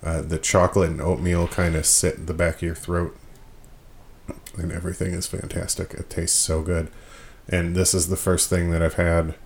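A man's voice: low voice, level tone, normal speed. A man from Michigan hosting a podcast in a casual, rambling way, self-deprecating and full of fillers. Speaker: podcast host.

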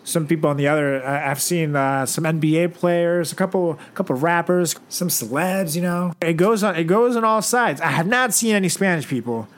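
A man's voice: on the high side, moderate pace, hardly any pauses. A man co-hosting a casual podcast, joking and rambling, cursing freely and slipping into silly impressions. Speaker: podcast co-host. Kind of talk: casual chat.

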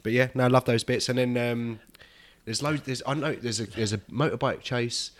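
A man's voice: medium pitch, steady tone, normal speed, slight background noise. A man chatting casually about a film, rambling through his recollections with restarts.

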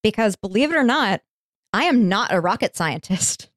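A woman's voice: medium pitch, lively intonation, moderate pace, no room sound, clean studio sound. A woman hosting a podcast, telling a history story in a chatty, informal way and swearing casually. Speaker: podcast host.

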